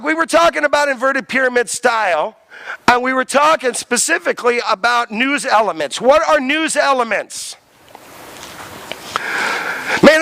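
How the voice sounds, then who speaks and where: A man's voice: very high-pitched, vocal fry, sharp tone. A man lecturing a college class, emphatic, quizzing students and repeating key terms.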